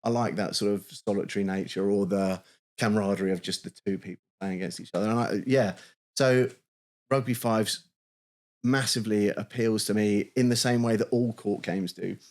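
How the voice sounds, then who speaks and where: A man's voice: fairly low pitch, fairly even intonation, moderate pace, darkish tone. A man co-hosting a podcast, talking casually and enthusiastically, often restarting and repeating words. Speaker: podcast co-host. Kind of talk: casual chat.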